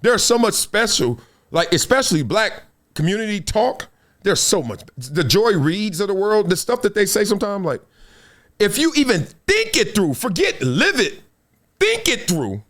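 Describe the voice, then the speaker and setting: A male podcast host with a fairly high voice that swoops up and down. He talks in a preachy, dramatic way, leaning into his points and playing out quick scenes with voices. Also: sing-song, fairly bright tone. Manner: preachy, dramatic, acts out quotes. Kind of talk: animated commentary.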